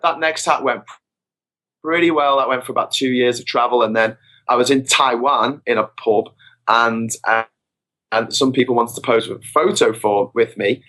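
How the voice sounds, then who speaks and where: A man's voice: mid-range voice, steady tone, normal speed, pushed and bright. A man telling rambling, self-mocking travel anecdotes as a podcast guest. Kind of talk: casual storytelling. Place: podcast recording.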